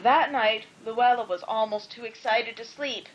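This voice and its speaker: High-voiced woman reading a storybook. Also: steady tone, unhurried, lo-fi sound. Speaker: storybook reader. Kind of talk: reading a children's story aloud.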